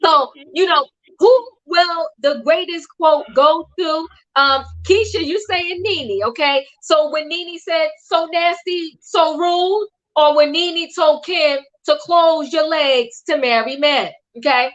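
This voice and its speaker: An older woman hosts a casual livestream with a high, bright-edged voice, chatting and acting out quoted lines. The sound is dull and lo-fi, like stream audio. Her talk is lively and full of quick back-and-forth with a co-host.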